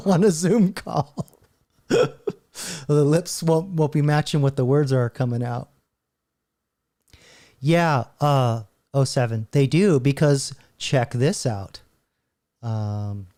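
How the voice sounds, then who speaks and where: A man's voice: on the high side, warm tone. A man hosting his channel, talking casually and in stops and starts while he browses and reacts to videos. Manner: rambling, stop-start, laughing often. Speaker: channel host.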